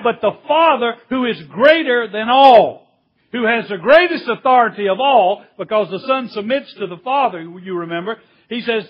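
Male preacher, very high voice, slow deliberate emphatic delivery, dull lo-fi recording. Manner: slow, emphatic preaching with drawn-out key words. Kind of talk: sermon.

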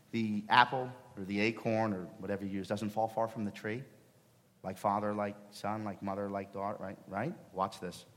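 Man preaching a sermon in a reverberant church. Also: on the low side. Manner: acts out dialogue, emphatic and repetitive. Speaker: pastor. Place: church sanctuary. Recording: long reverb of a church hall.

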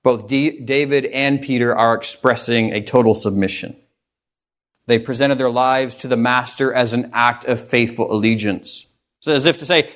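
Male pastor, mid pitch, earnest emphatic sermon delivery. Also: a little slow, a bit bright.

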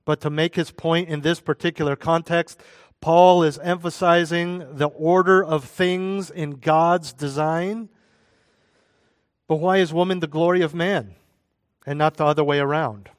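A man's voice: fairly high pitch, fairly even intonation, unhurried, no room sound. A man preaching a sermon as a pastor, conversational, with asides and jokes.

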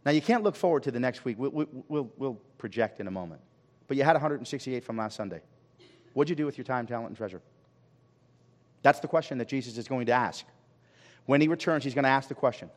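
A man's voice: mid-range voice, animated, fast talker. Man, pastor, sermon, questions to the congregation, repeated phrases, big church reverb. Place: church sanctuary.

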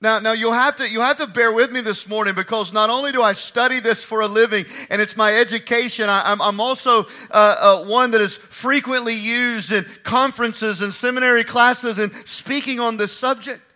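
A man preaching a sermon, driving home repeated phrases and swinging from hushed lines to shouted ones. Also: extremely high pitch, fairly even intonation, moderate pace, few pauses. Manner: repeats and drives key phrases.

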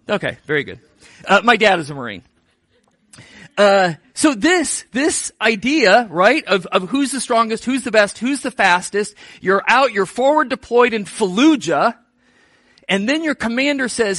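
A male pastor preaching in a relaxed, joking, storytelling way. His voice sits high and sounds bright. The sound is close and dry. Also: measured pace, no echo. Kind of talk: sermon.

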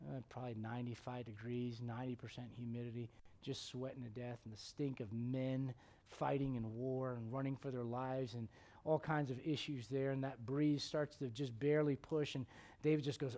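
A man preaching a sermon, telling stories and acting out the quotes, sometimes dropping to a hushed tone. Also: mid-range voice, moderate pace. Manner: animated storytelling, acts out quotes, drops to hushed tones.

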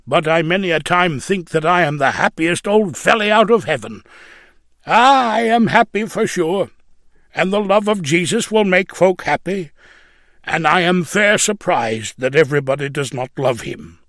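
A man's voice: high voice, expressive, a little slow, a bit bright, no echo, clean studio sound, pitched above the performer's own voice, exaggerated voice. A man reading a story, voicing a cheerful, devout ninety-year-old man who speaks in plain dialect. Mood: content. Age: older. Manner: plain dialect speech, joyful and earnest.

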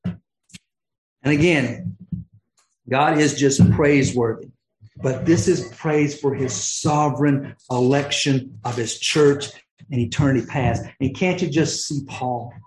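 A man's voice: mid-range voice, slow. Fervent preacher man in an echoey room. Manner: fervent, rising to exclamations and dropping to near-whispers. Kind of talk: sermon.

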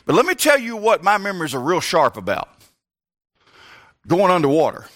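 A man's voice: high-pitched, huge pitch swings, moderate pace, fairly bright tone. A male pastor preaching a sermon, telling a personal story with comic asides.

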